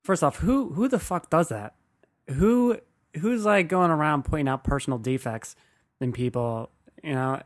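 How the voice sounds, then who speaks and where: A man's voice: fairly high pitch, lively intonation, moderate pace. Young guy doing his own podcast, rambly and sweary, laughs at himself a lot. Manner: rambling, profane, self-deprecating. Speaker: podcast host. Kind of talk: casual comedic monologue.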